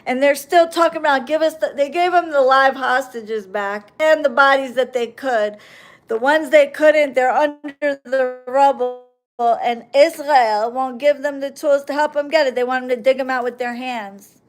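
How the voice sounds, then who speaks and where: A woman's voice: sits high, a little slow, faint music behind. A woman hosting a live stream, talking to her viewers in a sarcastic, ranting, mocking monologue.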